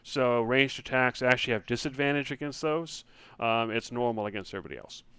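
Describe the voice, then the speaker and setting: Very clear-voiced man as game master. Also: mid-range voice, fairly quick, dry recording. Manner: relaxed, hesitant with many fillers. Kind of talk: running an online tabletop game.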